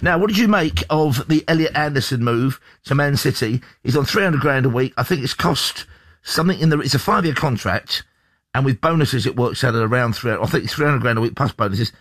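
A man's voice: mid-range voice, lively intonation, a little fast, fairly bright tone, no room sound. A man hosting sports radio, chatting about football with teasing, wry banter. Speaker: radio host. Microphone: studio microphone.

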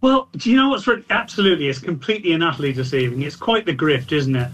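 A man's voice: a little high, quick pace, fairly bright tone. A man appearing as a comedian guest on a talk show, speaking emphatically.

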